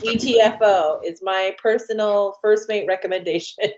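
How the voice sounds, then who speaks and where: A woman playing a tabletop game, speaking in a deliberate, deadpan way. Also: medium pitch. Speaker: player. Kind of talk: casual chat. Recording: dull lo-fi line with faint noise.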